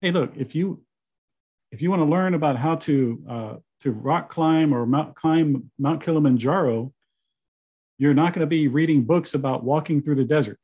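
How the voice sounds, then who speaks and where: A man's voice: a little high, normal speed, slightly rough, muffled recording. A man hosting a podcast, recapping his guest's points in an enthusiastic, casual way. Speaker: podcast host.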